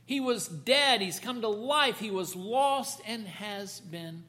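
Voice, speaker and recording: A tender, forgiving father soothes his son in soft, reassuring tones, as a preacher puts him on. The voice stays bright and fairly high. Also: lively intonation, slow, heavily acted. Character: gentle forgiving father, older man.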